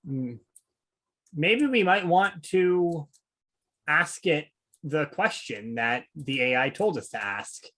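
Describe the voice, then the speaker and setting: Male player, higher lively husky voice, sarcastic quips. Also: slow. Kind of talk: tabletop role-play chat.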